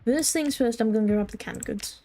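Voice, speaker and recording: Playful woman streamer with a mellow voice. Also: fairly high pitch, moderate pace. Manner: playful mock-formal phrasing, talks to chat. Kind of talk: live gaming commentary, reading chat.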